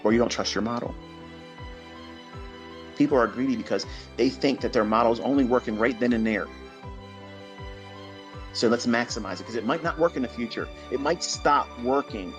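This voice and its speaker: Mentor type, man, mid-pitched, cursing and blunt, swings between low mutters and loud bursts, faint music underneath. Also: moderate pace, long pauses. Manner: profane, blunt, lecturing; swings from low, quiet stretches to loud, high outbursts. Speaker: trading mentor. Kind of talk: live audio-room talk to trading followers.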